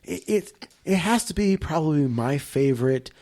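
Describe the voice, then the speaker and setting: A man's voice: fairly high pitch, animated, normal speed, darkish tone. Swearing, enthusiastic man chatting. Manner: enthusiastic, heavy swearing, rambling. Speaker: podcast guest, filmmaker. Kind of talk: casual podcast chat.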